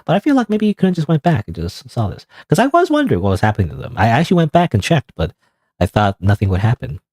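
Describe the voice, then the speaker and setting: A man's voice: mid-range voice, huge pitch swings, quick pace, darkish tone, no echo. A man streaming a game, chatting and musing about what he finds, with frequent self-corrections. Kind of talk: gameplay commentary. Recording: faint game music behind.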